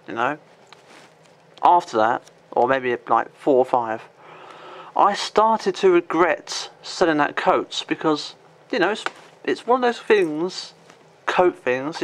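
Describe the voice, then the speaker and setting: A man in his twenties with a rambling, filler-heavy way of talking, casually showing off an item in a home vlog and swearing at his pet now and then. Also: a little high. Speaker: vlogger. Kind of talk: casual show-and-tell vlog.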